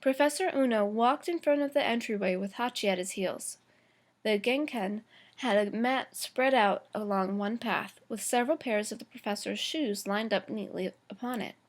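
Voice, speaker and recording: A woman teacher reading a chapter book aloud to her class, slow and careful, with small stumbles and self-corrections. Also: medium pitch.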